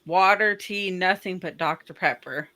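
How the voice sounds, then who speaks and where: Bright, low-pitched woman from the South. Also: a little slow. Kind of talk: casual podcast chat.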